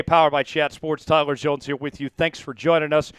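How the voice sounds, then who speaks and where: A man hosting a live sports talk show, speaking to viewers with an energetic, hyped delivery. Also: fairly high pitch, normal speed, hardly any pauses, clean tone, no room sound. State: voice cracking, coughing fits.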